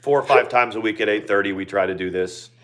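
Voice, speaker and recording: A man's voice: fairly low pitch, fast. A man in his fifties chatting casually on a livestream, rambling with many fillers and restarts. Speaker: livestream co-host. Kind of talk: casual chat.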